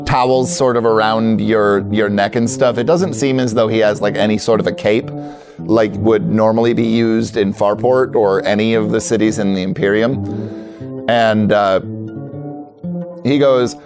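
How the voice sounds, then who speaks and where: A man narrating a tabletop game as game master, describing scenes in a relaxed, rambling way. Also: fairly low pitch, a little slow, over music.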